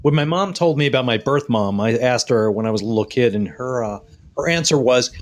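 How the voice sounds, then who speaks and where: A man's voice: mid-range voice, brisk, a little hiss or hum. A man hosting a comedy podcast, telling crude stories full of swearing. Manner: profane storytelling, puts on voices of people he quotes.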